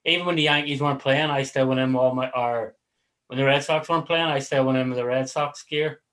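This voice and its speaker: A man's voice: mid-range voice, steady tone, fairly quick, fairly bright tone, rough recording. Male host, casual rambling delivery, loose and profane, on a video call. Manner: rambling, swears casually, chuckles. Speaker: livestream host. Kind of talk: casual chat.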